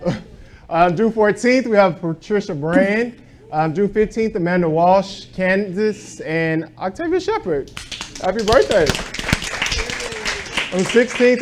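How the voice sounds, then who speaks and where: A man running an office team meeting, reading out announcements and birthdays. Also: sits high. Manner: upbeat, reads out announcements.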